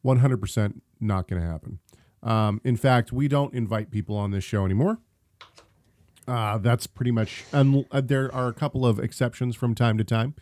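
A man's voice: medium pitch, moderate pace, a little mellow, no room sound. A man co-hosting a theology podcast, reading listener questions in a casual, hesitant way with frequent ums and restarts. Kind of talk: casual chat about theology.

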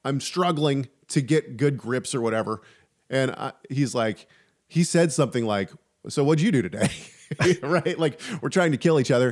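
A man co-hosting a casual faith podcast, talking in an animated, chatty way with frequent restarts and asides. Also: mid-range voice. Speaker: podcast co-host.

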